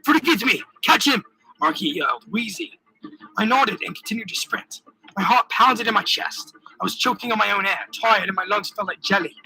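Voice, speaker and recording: A man's voice: sits high, fairly quick, gravelly, pushed and bright, rough recording. A man narrating his own pirate adventure audiobook in the first person, telling the action vividly. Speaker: author reading his own novel.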